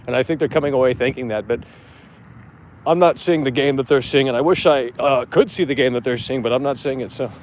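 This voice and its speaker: A man's voice: mid-range voice, brisk, a little hiss or hum. A man hosting a live gaming show outdoors, talking bluntly and profanely in a casual rant.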